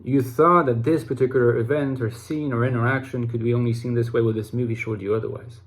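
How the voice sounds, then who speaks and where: A man's voice: medium pitch, fairly even intonation, fast. A man hosting an online channel, talking casually to camera in a reflective, rambling way, restarting phrases and using fillers. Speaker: YouTube host talking about personality types.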